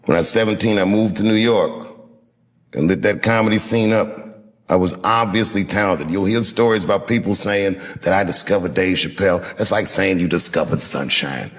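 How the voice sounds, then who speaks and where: A man in his fifties from Washington, D.C., telling a reflective story to an audience in a measured, unhurried way with dramatic pauses. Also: low-pitched, fairly bright tone. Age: 50s. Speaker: comedian.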